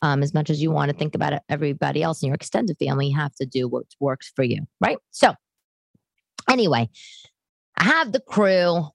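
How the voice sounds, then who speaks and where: Woman podcast host in her 40s, casual emphatic monologue, low-set voice, dry close sound. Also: a little fast, creaky, no echo. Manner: animated and emphatic, ranting with frequent restarts. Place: home living room.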